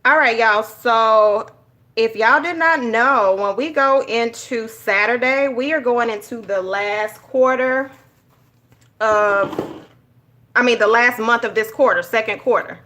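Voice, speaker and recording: A woman telling stories in a casual, animated way while she decorates her journal. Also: fairly high pitch, takes it slowly. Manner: animated storytelling, addresses viewers as y'all. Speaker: journaling YouTuber.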